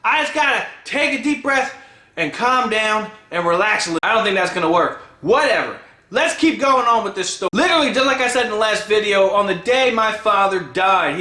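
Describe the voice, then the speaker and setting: Guy ranting into his camera, swears a ton, yells now and then, sharp high voice. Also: roomy sound. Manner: swears a lot, bursts into shouting. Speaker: vlogger. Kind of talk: angry ranting vlog.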